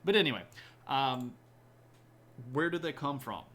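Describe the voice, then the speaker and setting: A man's voice: mid-range voice, expressive, a little slow, fairly bright tone, a little hiss or hum. A man hosting a live history stream, chatting casually with viewers, full of fillers and restarts. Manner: rambling, many fillers and restarts, laughs at own jokes. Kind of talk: casual chat reading viewer comments.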